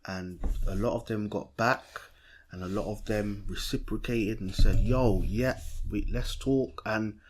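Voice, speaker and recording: A young man, co-hosting a podcast in a lively, chatty way, often restarting mid-sentence. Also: on the low side, unhurried, background noise. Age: young adult. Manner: animated, chatty, self-interrupting. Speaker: podcast co-host. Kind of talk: casual chat.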